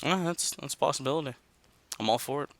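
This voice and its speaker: A man's voice: medium pitch, fast, creaky, fairly bright tone, no echo. A man hosting a casual wrestling podcast, reading out match results and chatting loosely with dude and man. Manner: laid-back, says dude and man, reads out results. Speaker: podcast host.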